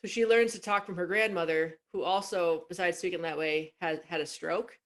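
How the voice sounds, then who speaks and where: A woman's voice: on the low side, fairly even intonation, normal speed. A woman co-hosting a podcast, chatting and telling stories, often trailing off mid-thought. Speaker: podcast co-host. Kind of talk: casual chat.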